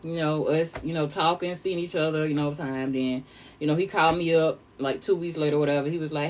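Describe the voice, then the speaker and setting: A young woman from New York telling a chatty storytime tale, animated and calling listeners honey. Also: fairly low pitch, fast. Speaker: storyteller vlogger. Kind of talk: casual storytime monologue.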